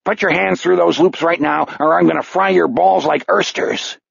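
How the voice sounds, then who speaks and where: A man's voice: fairly high pitch, big pitch swings, fairly quick, gravelly, husky, no echo, lo-fi sound, voice pushed up, heavily acted. A man voicing a menacing old male killer with a growling, breathless, taunting voice. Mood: threatening. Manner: taunting, wheedling, clipped threats.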